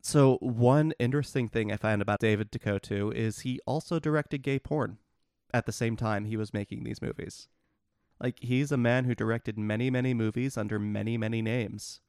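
A man's voice: mid-range voice, fairly even intonation, normal speed, darkish tone, clean tone, no room sound, studio quality. Man dryly explaining bad movies. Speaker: podcast co-host. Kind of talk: casual movie discussion.

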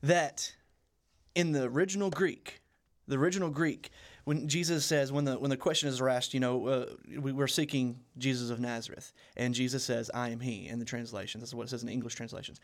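A man's voice: mid-range voice, fairly even intonation, a little fast. A young man co-hosting a casual Bible study podcast, earnest and often repeating and restarting his phrases. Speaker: co-host.

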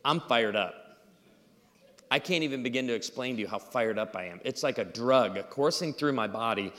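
A man preaching a humorous sermon with stories, acting out dialogue in an animated way. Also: medium pitch, moderate pace. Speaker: pastor. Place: church auditorium. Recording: live hall reverb.

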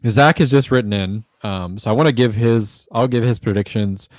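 A man with a fairly low voice hosts a casual podcast chat. He rambles loosely, thinking out loud as he goes, in a dry, close recording. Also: normal speed, dry recording. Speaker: podcast host.

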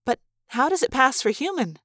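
A woman's voice: sits high, very animated, normal speed, crowd noise, voice pushed up. A woman voicing a bold, blunt teenage girl who speaks directly.

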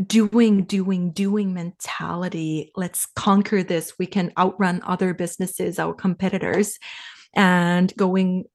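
A woman from Finland in her thirties, a guest on a podcast interview, talking in a relaxed, reflective way and turning lively when she quotes herself. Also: on the low side. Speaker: podcast guest, sales coach. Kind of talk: casual interview talk.

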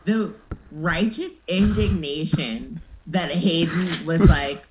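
A woman co-hosting a podcast in casual chat, animated and quick to act out what others said. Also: low voice, noisy background. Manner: animated, quoting people in put-on voices. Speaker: podcast co-host.

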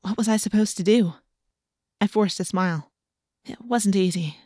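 A woman's voice: mid-range voice, moderate pace, dark tone, dry recording. Woman narrating a novel in first person, earnest, kinda tense, dead dry room. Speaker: audiobook narrator.

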